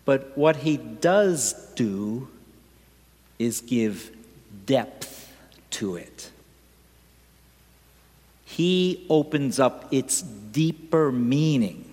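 A man reading the gospel aloud and then preaching a homily at a church service, in a measured, deliberate delivery. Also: medium pitch, expressive, a little mellow. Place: large church. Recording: reverberant church hall.

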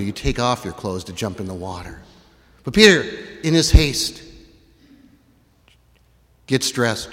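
A man preaching a sermon, retelling a story with animated, dramatic delivery. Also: medium pitch. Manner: animated storytelling, acts out voices, rises to shouts. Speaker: pastor. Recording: long reverb in a large hall.

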